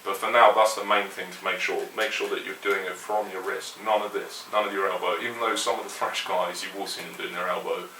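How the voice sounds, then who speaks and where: Man, guitar teacher, very low voice, bright tone, echoey room, distant mic with faint hiss. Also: fairly quick, hardly any pauses. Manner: relaxed, opinionated, counts along to the click. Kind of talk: instructional explanation.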